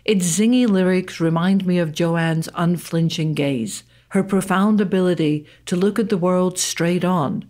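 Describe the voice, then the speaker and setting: A woman's voice: fairly low pitch, a little slow, few pauses, darkish tone. A woman podcast host reading a scripted event announcement in a polished, articulate way.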